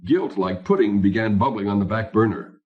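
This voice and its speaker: A man's voice: lowish voice, normal speed, narrow, tinny audio. A man narrating an audiobook in a wry first-person storytelling manner. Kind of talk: scripted narration.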